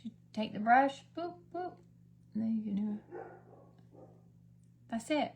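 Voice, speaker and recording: Here a woman's somewhat high, darkish voice moves at a measured pace with lively intonation, over a faint hiss or hum. She's a beauty vlogger doing her makeup on a casual livestream, chatty and rambling between stories, sometimes lowering to a whisper.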